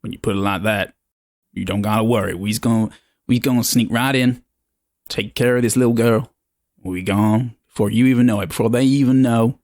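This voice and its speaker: Dude doing a cocky space crew guy, lowish voice, slangy swagger. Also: fairly even intonation, a little fast, a little mellow, lightly acted. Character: brash, rough-talking male space crewman.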